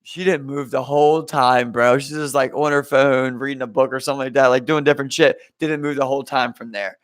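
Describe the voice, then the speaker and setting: A man co-hosting a podcast, telling animated stories in casual chat and calling his friend "bro". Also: mid-range voice, brisk, dry recording, clean studio sound. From Maryland, US. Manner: animated storyteller, says "bro". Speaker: podcast co-host.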